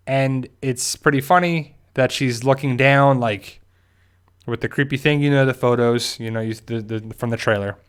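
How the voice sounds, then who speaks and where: A man hosting a casual live-stream review of a TV episode. He talks in a loose, rambling way, circling back with asides and restarts. His voice sits at an everyday middle pitch. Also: fairly bright tone, clear, resonant tone. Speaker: host of a TV fan channel.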